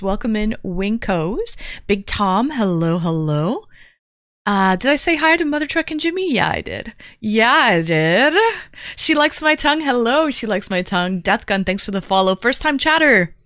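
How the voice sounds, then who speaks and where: A woman's voice: medium pitch, fairly bright tone, no echo, studio quality. Bubbly woman streamer greeting her chat. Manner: playful, bubbly greetings to viewers by name. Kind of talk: casual livestream chat.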